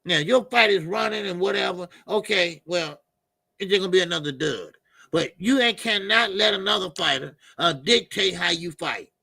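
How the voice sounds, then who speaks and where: A man's voice: high-pitched, normal speed, creaky, sharp tone, slightly rough, no room sound. A man hosting a casual boxing live stream, rambling loosely, repeating himself and answering the chat. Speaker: boxing channel host.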